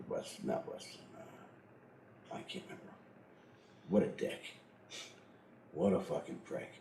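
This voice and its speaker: A man's voice: very deep voice, creaky, mellow, echoey room, slight background noise, poor audio. A middle-aged man telling a personal story in a blunt, profane way, laughing often as he goes. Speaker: interviewee.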